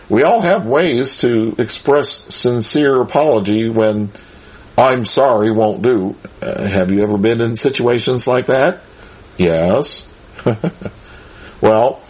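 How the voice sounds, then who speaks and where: A man leads a relaxed Bible lesson in a slightly husky voice of medium pitch. He chuckles often and keeps turning to his listeners with rhetorical questions. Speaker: Bible teacher. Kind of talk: conversational Bible teaching.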